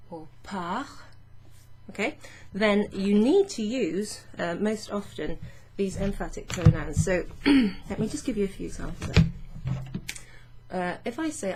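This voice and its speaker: A woman teaching French grammar in a patient, chatty way, reading French phrases slowly and explaining them. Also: medium pitch, noisy background. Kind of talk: casual explanatory lesson.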